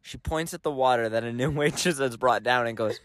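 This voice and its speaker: A man's voice: mid-range voice, a little fast, fairly bright tone, a little hiss or hum. A man co-hosting a podcast in casual chat, riffing emphatically and repeating phrases for effect. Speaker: podcast co-host.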